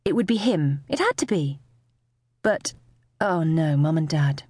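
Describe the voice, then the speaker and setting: A woman narrating a novel as an audiobook, with expressive storytelling. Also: deep voice, a little slow, slightly rough, dry recording. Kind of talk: scripted narration.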